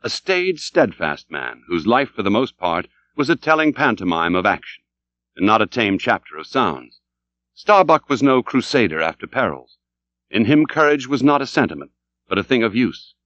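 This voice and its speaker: Guy reading an old sea novel, expressive, dry dull lo-fi recording. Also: on the low side, normal speed, dry recording. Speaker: audiobook narrator. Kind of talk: scripted literary narration.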